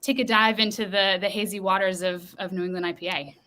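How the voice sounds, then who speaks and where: A woman's voice: medium pitch, fairly even intonation, fairly quick, bright, forceful tone, a little hiss or hum. A woman from the Boston area hosting an online festival stream, chatty and upbeat over a video call. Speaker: festival host. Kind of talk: casual live-stream chat.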